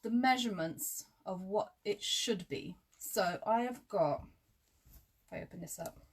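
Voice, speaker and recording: A woman's voice: medium pitch, a little slow. A woman teaching quilting in a chatty live tutorial. She talks through measurements step by step and drifts into friendly asides.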